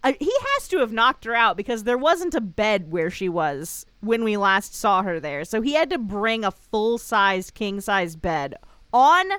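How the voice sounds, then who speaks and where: A woman's voice: mid-range voice, lively intonation, measured pace, fairly bright tone, clean tone, no room sound. A woman co-hosting a casual podcast, wryly recapping a show in a loose, rambling way. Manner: wry, rambling storyteller. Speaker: podcast co-host.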